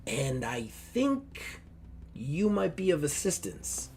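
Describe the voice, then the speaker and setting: A man's voice: a little high, very animated, slow pace, noisy background, voice pushed up, exaggerated voice. A man voicing a bubbly young woman who talks in gushing valley-girl style, full of "like" and "totally". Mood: persuasive.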